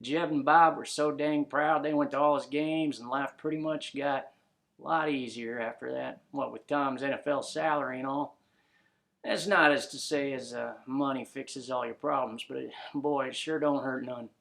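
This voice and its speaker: A man's voice: mid-range voice, steady tone, normal speed, vocal fry, a bit bright. A man narrating a comic story in a laid-back drawl full of folksy slang.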